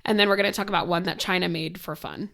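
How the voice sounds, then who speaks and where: A young woman co-hosting a casual podcast, hoarse from a cold and laughing often as she talks. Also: lowish voice, steady tone, fast talker, fairly bright tone. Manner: giggly, laughs often between lines. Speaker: podcast co-host.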